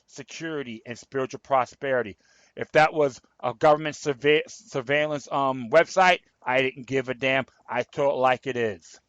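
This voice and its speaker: A man's voice: mid-range voice, fairly bright tone, no room sound, highs cut off. A man hosting his own political commentary show, reading articles aloud and rambling, stumbling and repeating himself. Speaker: show host.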